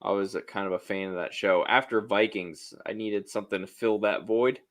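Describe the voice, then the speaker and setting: A man's voice: lowish voice, steady tone, a little fast. Easygoing man chatting casually. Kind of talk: casual chat.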